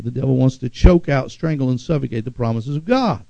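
A man's voice: medium pitch, a little fast, vocal fry, few pauses, dry recording, highs cut off. Emphatic male preacher, dry sound. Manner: emphatic, swelling to loud exhortation. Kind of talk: sermon.

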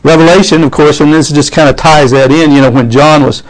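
Preacher guy in church, kinda high voice, keeps asking the crowd amen?. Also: brisk, poor audio. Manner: lively preaching, calls out "amen?" to the congregation, reads scripture aloud. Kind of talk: sermon.

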